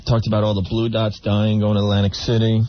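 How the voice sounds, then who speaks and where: A man's voice: fairly low pitch, monotone, fast, a little hiss or hum. A man hosting talk radio in casual banter, dry and steering the conversation. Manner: dry, steering the talk, reading station liners. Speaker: radio host. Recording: dull lo-fi radio broadcast with faint music.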